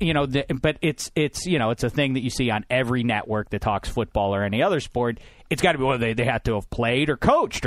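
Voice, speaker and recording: A man's voice: mid-range voice, dry recording. A man hosting a sports podcast in a studio, rambling and joking with frequent restarts. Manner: rambling, jokey, restarts a lot. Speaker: podcast host. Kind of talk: casual studio chat.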